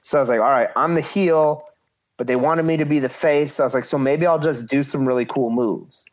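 A man's voice: medium pitch, brisk. A man in his thirties casually telling a story about his wrestling career, acting out quoted voices and swearing freely.

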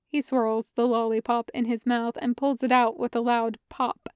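A woman reading a fan fiction audiobook in a light, brisk narrating voice. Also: fairly high pitch, level tone, clear, resonant tone, no echo, clean studio sound. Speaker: podfic reader.

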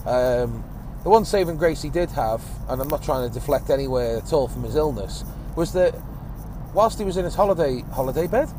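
This podcast host, expressive and a little fast in a mid-range voice, rambles and grumbles through a one-take chat while driving in traffic. Casual swearing and a phlegmy cough come through, with car and road noise in the background.

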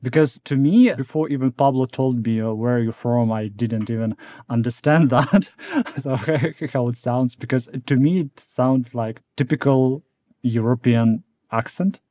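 A man hosts a tech podcast with a mellow, relaxed voice. He is chatty and laughs often as he leads the talk. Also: medium pitch, measured pace. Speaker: podcast co-host. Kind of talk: podcast hosting.

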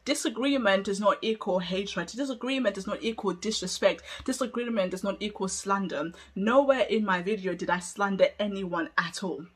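Husky-voiced woman arguing emphatically. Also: mid-range voice, normal speed, hardly any pauses. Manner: emphatic, argumentative, full of rhetorical questions; laughs between points. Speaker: podcast host. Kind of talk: solo podcast monologue.

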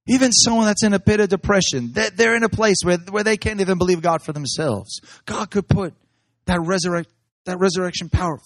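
Male preacher, fairly high voice, dry close sound, animated storytelling with laughs. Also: fairly quick, dry recording. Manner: excited, laughing while telling stories.

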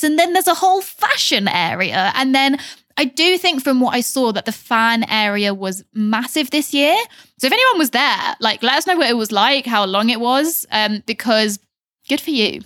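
A young woman reporting on a film podcast, chatting in a rambling, animated way with plenty of asides. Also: a little high, moderate pace, dry recording, clean studio sound. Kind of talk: casual podcast chat.

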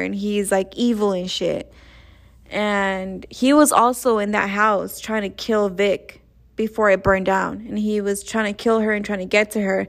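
A young woman casually retelling a story in a rambling, profane way, full of slang and fillers. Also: medium pitch. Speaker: show recapper. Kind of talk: casual plot recap.

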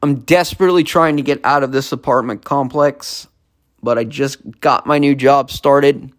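A man in his thirties hosting a solo podcast from his apartment, cursing constantly and switching between furious shouting and low, weary talk. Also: fairly even intonation, normal speed. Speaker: podcast host.

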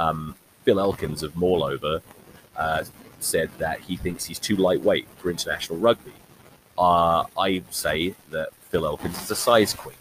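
A man hosting a solo podcast, talking rugby in a blunt, sweary, rambling way, recorded on a crackly faulty mic. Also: deep voice. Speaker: podcast host. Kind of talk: casual solo rugby chat.

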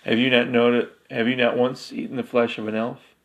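A man's voice: mid-range voice, level tone, lightly acted, rough recording. A man voicing an aristocratic scheming wizard. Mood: persuasive. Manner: persuasive, measured, offhand. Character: aristocratic bald wizard, smooth-talking schemer.

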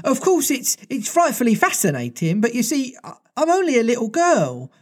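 A man's voice: extremely high pitch, huge pitch swings, normal speed, darkish tone, voice pushed up, exaggerated voice. A man voicing a polite, earnest young girl in a storybook reading, with a raised, fluting voice and a little stammer.

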